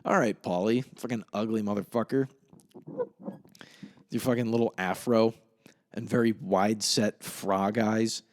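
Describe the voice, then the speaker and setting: A young man hosts a casual solo podcast, retelling a film in a rambling, profane way and laughing at his own version of it. His voice is fairly low with fairly even intonation, and he speaks unhurriedly with long pauses.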